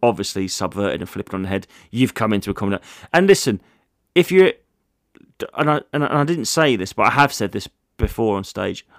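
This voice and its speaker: A man's voice: lowish voice, lively intonation, fairly quick, vocal fry, a bit bright, dry recording, clean studio sound. A man, a comedian hosting a casual solo podcast, rambling through jokey stories with plenty of swearing.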